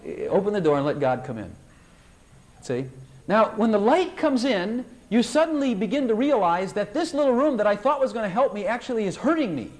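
An older man preaching a sermon to a congregation, animated and emphatic, rising into high tones as he acts out prayers. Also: brisk.

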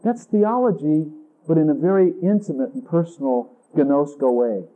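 A man with a warm tone and moderate pace preaches an intimate sermon. He voices conversations with Jesus in a higher register, and the recording sounds tinny, like a phone.

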